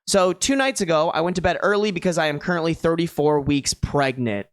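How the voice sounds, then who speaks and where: A streamer with a mid-range, fairly quick voice reads online posts aloud, recorded at studio quality with no echo. The delivery is slangy and casual, calling listeners bro and dude, with exasperated, disbelieving reactions between passages.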